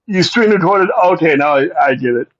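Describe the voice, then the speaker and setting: A man with a high voice chatting on a podcast. His pitch jumps all over as he talks. His mic sounds dull and lo-fi. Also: brisk. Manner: excitable, animated. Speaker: podcast co-host. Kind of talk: casual chat.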